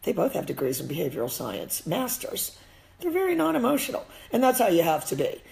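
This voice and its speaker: Gravelly Midwestern woman ranting bluntly. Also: mid-range voice, very animated, fairly quick, darkish tone, rough recording. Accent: Midwestern American. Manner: blunt, emphatic, swears freely. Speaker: e-collar dog trainer. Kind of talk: opinionated live-stream rant.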